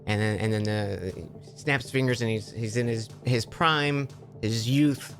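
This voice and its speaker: A man's voice: fairly low pitch, unhurried, faint music behind. A man chatting on a live gaming stream, telling a long joke with lots of stammered restarts. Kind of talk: casual live-stream chat while gaming.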